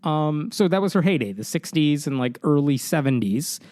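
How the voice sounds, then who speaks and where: A man's voice: on the high side, animated, normal speed, darkish tone, no room sound. Rambling man, dry mic. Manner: rambling, many fillers and restarts. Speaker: podcast co-host. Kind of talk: casual podcast chat.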